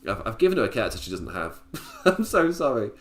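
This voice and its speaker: A man's voice: mid-range voice, big pitch swings, fast talker, reverberant, faint music behind. Chatty man with frequent laughs. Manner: chatty, laughs often, restarts sentences. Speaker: podcast host. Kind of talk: casual recap commentary.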